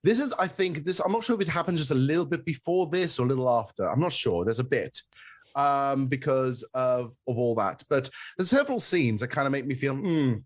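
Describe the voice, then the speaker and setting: Animated man reviewing a film. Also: medium pitch, brisk. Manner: animated, acts out quotes, many fillers. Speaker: podcast co-host. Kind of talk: casual film review chat.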